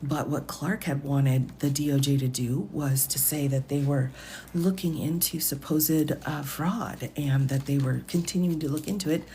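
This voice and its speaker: A woman legal commentator talking softly, half-whispering in an ASMR-style voice at home at night during a live stream. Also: deep voice, moderate pace, slight background noise. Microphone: phone.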